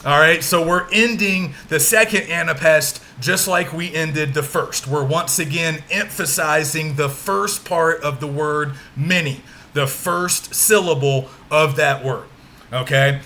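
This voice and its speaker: A man's voice: on the high side, a little slow, sharp tone. A man teaching a literature lecture, patiently walking students through poetic meter and often checking in with them. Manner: patient, frequent check-ins, exaggerates stressed syllables when demonstrating. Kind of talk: recorded lecture walkthrough.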